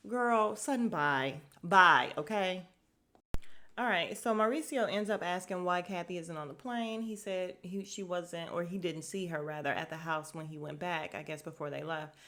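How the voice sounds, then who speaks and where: A woman's voice: fairly low pitch, normal speed. Sassy woman recapping reality TV. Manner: animated, sassy, mocks people's quotes in put-on voices. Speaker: podcast host. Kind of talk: casual TV recap commentary.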